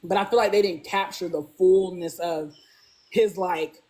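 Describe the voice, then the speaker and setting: A woman talking casually as a guest, animated, acting out characters' lines and saying "like" constantly. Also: a little slow. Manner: animated, acts out characters' lines with big pitch jumps; peppers speech with "like". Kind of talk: casual fan discussion.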